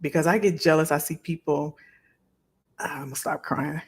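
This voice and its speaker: A woman's voice: low-pitched, fairly even intonation, normal speed, slightly rough. A middle-aged woman hosting a live stream, chatting casually and heartfelt with her viewers and often repeating phrases. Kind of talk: casual chat to a live audience.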